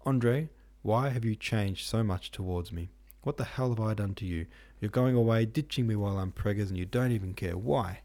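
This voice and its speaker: A man's voice: lowish voice, moderate pace, hardly any pauses, dark tone, close to an everyday voice. A man voicing a petulant, tearful young princess, pleading and whiny. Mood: upset.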